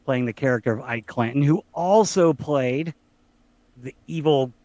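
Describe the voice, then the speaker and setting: A man's voice: medium pitch, unhurried, darkish tone, dry recording, lo-fi sound. A man co-hosting a casual podcast chat, chatty and jokey, fond of dropping film quotes. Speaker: podcast co-host.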